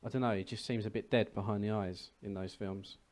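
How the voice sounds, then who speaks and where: A man's voice: on the low side, fairly even intonation, fairly quick, a little mellow. A young man co-hosting a movie podcast, chatting casually in a rambling, wry way. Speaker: podcast co-host. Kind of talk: casual chat.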